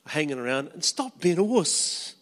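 A man voicing a stern male God who scolds a prophet, low and dismissive. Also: sing-song, moderate pace, a bit bright, in a large hall. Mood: scolding.

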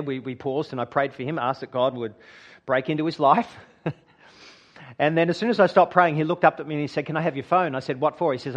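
A man preaching a sermon, his voice sitting a little high for a man. He tells stories earnestly, climbing to forceful peaks and sinking to near-quiet asides. The recording is dull and lo-fi. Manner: earnest storytelling, builds to emphatic peaks then drops quiet. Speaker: minister. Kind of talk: sermon with personal story.

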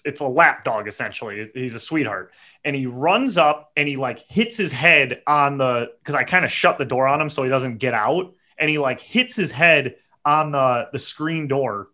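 A man hosting a podcast, telling a story in a profane, animated rant and muttering quick asides. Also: mid-range voice. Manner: animated and profane, voice jumps up when acting out his own yelling. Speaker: podcast host.

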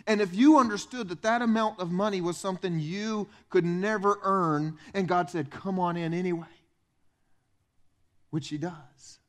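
A man preaching a sermon as pastor in a church, animated and conversational, acting out the voices of the people in his stories. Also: normal speed. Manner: animated, acts out quoted voices with big pitch swings.

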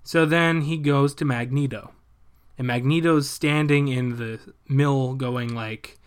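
A young man casually retelling a movie plot, animated and profane, dropping into quick voices for the characters. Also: mid-range voice, smooth.

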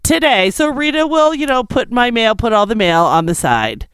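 Lively, smooth-voiced woman in her fifties. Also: a little high, normal speed, no room sound, clean studio sound. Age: 50s. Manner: animated storyteller, acts out quotes, laughs mid-sentence. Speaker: podcast co-host. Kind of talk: casual chat.

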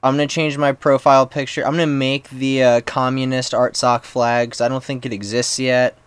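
A young man with a smooth, resonant voice co-hosts a podcast in relaxed banter. He swears casually, and the sound is dry and close. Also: medium pitch, normal speed, no echo. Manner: laid-back, swears casually. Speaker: podcast co-host.

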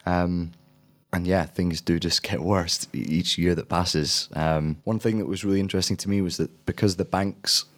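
A man's voice: sits low, steady tone, normal speed. A young adult man, a drama student, giving thoughtful, rambling interview answers with frequent restarts.

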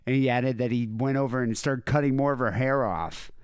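A man's voice: mid-range voice, a little fast, clean tone, no room sound, clean studio sound. Laid-back man reading out news. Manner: wry, laid-back storytelling with frequent fillers. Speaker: podcast co-host. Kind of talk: casual chat, reading out news stories.

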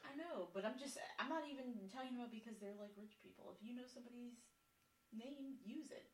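A woman's voice: on the high side, quick pace, slightly rough. A woman co-hosting a casual podcast, scolding and correcting her partner with sarcasm. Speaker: podcast co-host.

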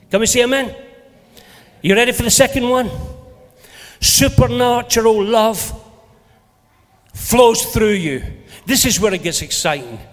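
An older Scottish man preaching a sermon as a pastor, lively and playful in his storytelling. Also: extremely high pitch, measured pace, pauses often. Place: church hall. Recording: long hall reverb.

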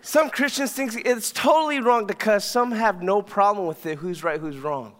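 A man preaching as pastor, telling stories in a casual, animated way. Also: high voice, normal speed. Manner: conversational storytelling, animated. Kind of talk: sermon. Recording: long hall reverb.

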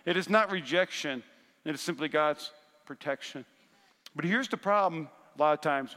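Bright-voiced preacher in a reverberant hall. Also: male voice, high voice. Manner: preaching with rising bursts of intensity and call-and-response to the congregation. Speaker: pastor. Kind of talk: sermon. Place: large church sanctuary. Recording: long church hall reverb.

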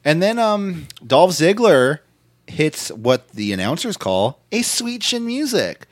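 A man's voice: a little high, sing-song, takes it slowly, dry recording, clean studio sound. A man co-hosting a casual podcast, recapping wrestling in a loose, profane way and acting out quotes in silly voices. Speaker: podcast co-host.

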